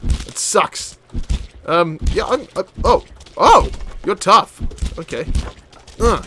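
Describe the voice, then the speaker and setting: A young man giving excitable, jokey commentary over a game, swearing and laughing as he plays. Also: high-pitched, slow pace, slight background noise. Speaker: gameplay commentator. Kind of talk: excited let's-play commentary.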